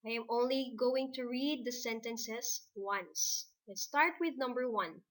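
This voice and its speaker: A woman teacher with a Filipino English accent, dictating a recorded lesson slowly and deliberately. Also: on the high side.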